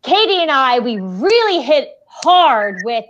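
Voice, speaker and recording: A woman co-hosting a podcast, her voice sitting slightly high. She tells stories dramatically, sounding indignant and playing up her outrage. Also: sing-song, takes it slowly, a bit bright, lo-fi sound. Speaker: podcast co-host. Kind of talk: casual chat.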